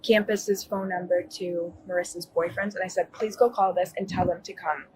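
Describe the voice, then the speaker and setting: Recorded on a bodycam, a young college woman tells an officer what happened in a rambling, filler-heavy account with restarts and self-corrections. Her voice is fairly low, a little mellow, evenly intoned, and at normal speed, with slight background noise on a low-quality recording.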